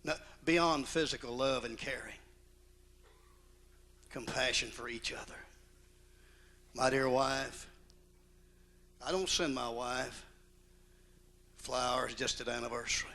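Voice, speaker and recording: Gravelly, forceful old-time preacher man. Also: mid-range voice, takes it slowly, long pauses. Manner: folksy, emphatic preaching with rising outbursts. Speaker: pastor. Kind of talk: sermon to pastors and wives. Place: church auditorium.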